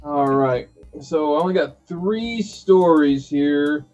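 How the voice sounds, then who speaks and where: Mellow-voiced man chatting loosely. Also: fairly high pitch, expressive, takes it slowly, lo-fi sound. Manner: rambling, many fillers and restarts. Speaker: podcast host. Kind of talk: casual chat. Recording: faint bed music behind.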